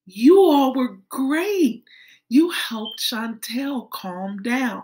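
A woman teaching a lesson for young children as a kindergarten teacher, gentle and sing-song, calling the children friends. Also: sits high, lively intonation, slow.

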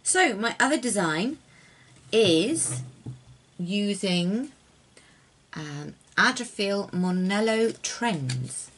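A young woman chats casually to the camera about her knitting, her voice soft and a little breathy. She rambles easily and often trails down to near-whispers. Her pitch sits slightly low. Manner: rambling, softly spoken, drops to near-whispers. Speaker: knitting designer and yarn dyer. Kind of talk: casual chatty craft vlog.

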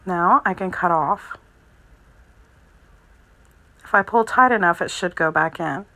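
Calm woman teaching crochet step by step. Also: lowish voice, measured pace, low-quality recording. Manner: calm, methodical, narrates each step as she works. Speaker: crochet instructor. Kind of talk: step-by-step craft tutorial.

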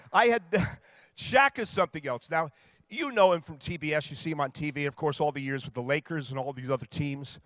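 Brief: man with a slightly high voice, comic storyteller on stage, dry close sound. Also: normal speed, pauses often, dry recording. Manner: lively storyteller, builds to punchlines. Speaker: sports interviewer telling stories. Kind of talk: comedic speech to a live audience.

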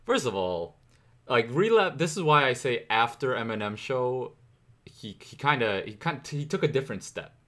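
A man's voice: mid-range voice, very animated, normal speed, fairly bright tone. A young man hosting a casual music reaction, talking through rhyme schemes and reciting lyrics to pick them apart.

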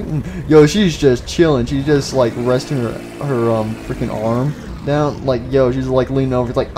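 A young man giving casual, excitable commentary on his own gameplay, with loud outbursts and goofy jokes. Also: medium pitch, moderate pace, hardly any pauses, noisy background. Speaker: gaming YouTuber.

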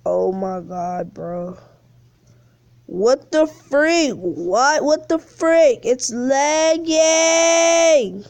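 A woman's voice: mid-range voice, animated, drawn-out words, creaky, darkish tone, no echo. A woman live-streaming a mobile game on her phone, chatting in slang and whining about lag. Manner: slangy, calls viewers bro and man; whiny complaints about lag. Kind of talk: casual game streaming chat.

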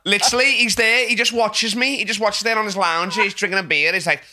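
A man's voice: high-pitched, fast talker, pushed and bright, a little hiss or hum. A young male comedian as a podcast guest, rambling and joking, forever adding "you know what I mean". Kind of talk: casual podcast chat.

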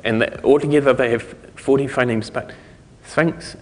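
A man with a New Zealand accent talks through a technical topic at a conference, at a middling pitch, wandering through his points with plenty of ums, restarts and little laughs. His voice carries a long reverb from a large lecture hall. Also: steady tone, normal speed. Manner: loose and rambling, many fillers and restarts, chuckling asides. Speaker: conference speaker.

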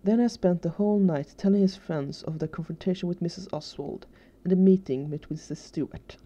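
Low, mellow woman reading a story. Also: fairly quick, lo-fi sound. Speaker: fanfiction reader.

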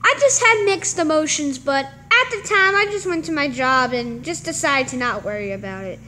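A woman's voice: high-pitched, expressive, moderate pace, pushed and bright, a little hiss or hum. A woman voicing Batman, an earnest male cop who narrates a homemade mini movie in a melodramatic way. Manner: earnest, melodramatic, hums "dun dun" stings.

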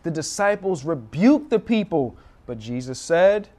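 A man's voice: a little high, very animated, measured pace, few pauses, darkish tone. A young American man preaching a sermon as a guest pastor, telling stories with animation and acting out the cries of children.

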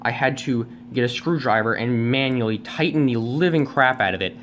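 A man's voice: mid-range voice, moderate pace, fairly bright tone, a little hiss or hum. A man reviewing a toy at home on camera, rambling and self-deprecating, with many fillers and restarts. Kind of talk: casual unscripted review. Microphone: camera on a tripod.

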